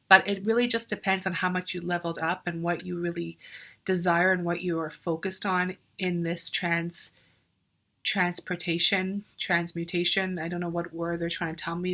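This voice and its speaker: A young woman reads tarot cards for her viewers in a casual, earnest talk. Her voice is crisp and bright, sitting a little low in pitch. She speaks directly to the listener and sometimes pauses to hunt for a word. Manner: earnest, addresses viewers directly, searches for words mid-sentence. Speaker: spiritual coach and tarot reader. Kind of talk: casual spiritual tarot reading to camera.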